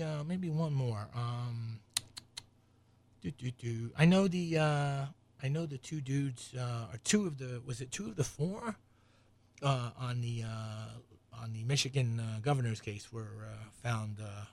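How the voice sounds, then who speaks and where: A man's voice: medium pitch, a little slow, a little mellow. A man with a slight New England accent hosting a casual talk show, reading news aloud and riffing sarcastically with lots of fillers. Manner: rambling, sarcastic, many fillers, laughs at own jokes. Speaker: show host.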